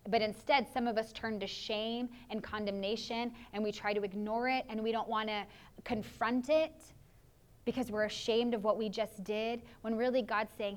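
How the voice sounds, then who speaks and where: A woman's voice: fairly high pitch, steady tone, normal speed. Earnest woman pastor preaching. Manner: earnest, confessional, prays aloud in asides. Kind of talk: sermon.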